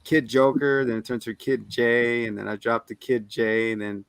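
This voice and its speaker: A man's voice: medium pitch, flat delivery, moderate pace, gravelly, clean tone, no room sound. A young man co-hosting a casual podcast, rambling through stories and poking fun at himself. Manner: rambling storytelling, self-mocking. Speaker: podcast co-host. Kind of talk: casual chat.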